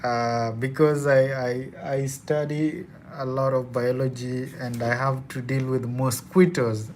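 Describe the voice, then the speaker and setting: A man's voice: medium pitch, slight background noise. A young man from Kenya with a Kenyan accent, chatting casually and laughing often as he hosts a live Q&A. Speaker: student and live-stream host.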